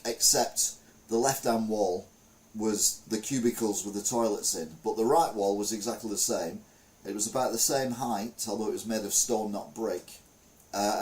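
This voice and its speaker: A man's voice: lowish voice, darkish tone. A middle-aged man chatting casually as a show host, rambling with lots of fillers. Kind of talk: casual chat.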